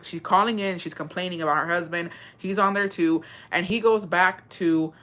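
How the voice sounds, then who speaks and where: A woman with a slightly low-pitched voice, talking in a loose, casual chat. She is blunt and profane, sprinkling Spanish phrases into her talk. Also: fairly bright tone.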